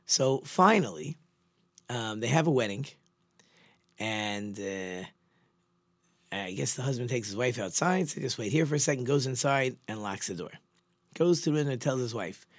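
A man's voice: medium pitch, animated, normal speed, long pauses, no room sound. A man teaching as a religious teacher, telling a story in an earnest, conversational way with frequent restarts. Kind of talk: storytelling sermon.

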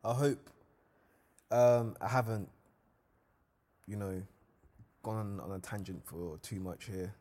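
Young guy, solo podcast host, low voice, laid-back slangy storyteller. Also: slow, pauses often. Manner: casual slangy storytelling, lively when reliving events.

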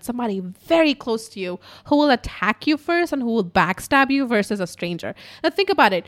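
Speaking in a medium-pitched voice, a young woman animatedly recounts a story from her apartment, keeping it casual and full of profanity.

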